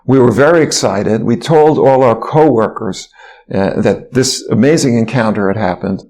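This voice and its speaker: An older man, a physician guest in an interview, telling a long story in a lively way, sometimes singing and quoting others. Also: medium pitch, normal speed. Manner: animated storyteller who sings and quotes others.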